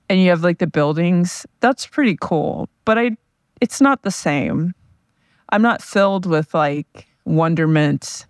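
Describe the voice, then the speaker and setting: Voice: medium pitch, no room sound, clean studio sound. A podcast host talking casually to listeners on a solo road-trip episode, rambling, drifting into tangents and often poking fun at themselves. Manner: rambling, self-deprecating, often loses the thread.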